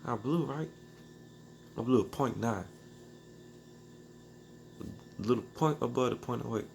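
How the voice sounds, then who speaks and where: A man's voice: mid-range voice, unhurried, gravelly, darkish tone, a little hiss or hum. A man telling a personal story in a loose, rambling, slang-filled way, full of restarts. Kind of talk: casual storytelling.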